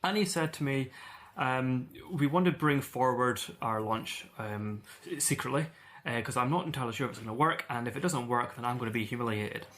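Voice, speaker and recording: A man playing a boastful gentleman adventurer, improvising a tall tale in a casual, rambling way. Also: mid-range voice, fairly quick, natural voice. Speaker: player.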